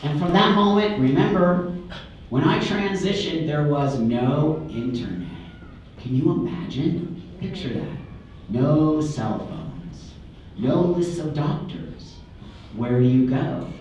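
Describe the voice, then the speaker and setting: A man's voice: a little high, expressive, slow pace, darkish tone, lo-fi sound, slight background noise. Candid man telling his story in a hall. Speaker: speaker. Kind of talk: personal story told to an audience. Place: large room before an audience. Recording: echoey hall from far off.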